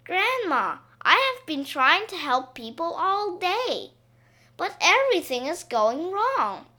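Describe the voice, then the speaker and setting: A woman's voice: extremely high pitch, big pitch swings, slow pace, bright, forceful tone, voice pushed up, full character voice. Billy, a woman doing an eager little boy. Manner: earnest, eager. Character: eager helpful seven-year-old boy.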